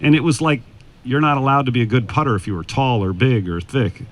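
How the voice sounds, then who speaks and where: A man's voice: medium pitch, brisk. A former tour golfer, a man, giving putting advice in a casual, anecdotal storytelling way, speaking outdoors at a golf club. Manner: anecdotal, acts out quoted dialogue.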